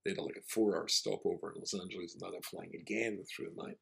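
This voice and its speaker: Male rabbi, low gravelly husky voice, wry anecdotal storyteller. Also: fairly even intonation, quick pace. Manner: wry, anecdotal, self-deprecating. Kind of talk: storytelling talk.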